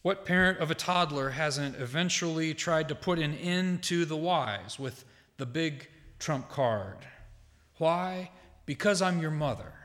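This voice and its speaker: A man preaching a sermon from a church pulpit, measured and deliberate, with emphatic quoted lines and casual asides to the congregation. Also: on the high side, a bit bright. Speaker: pastor. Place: church sanctuary. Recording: long hall reverb.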